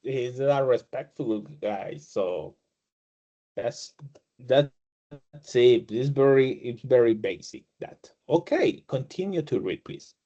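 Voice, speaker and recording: Slow-talking male teacher, Spanish native. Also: mid-range voice, expressive, warm tone, muffled recording. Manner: halting, frequent restarts and fillers, playful laughter when acting out greetings. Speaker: English teacher. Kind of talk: casual online class explanation.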